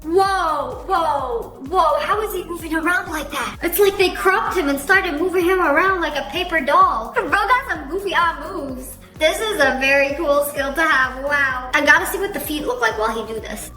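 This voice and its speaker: A high, bright-voiced woman chats her way through viral clips, quick with a sarcastic quip. She sounds like she is in an echoey room, with faint music playing underneath. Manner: chatty and playfully sarcastic. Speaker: reaction video host. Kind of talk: casual reaction commentary.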